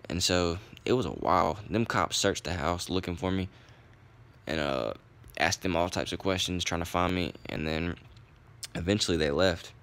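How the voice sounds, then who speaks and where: A man's voice: low voice, normal speed, a bit bright. A young man, casually telling a story in a rambling, profane way. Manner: profane, rambling, laid-back. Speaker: vlogger.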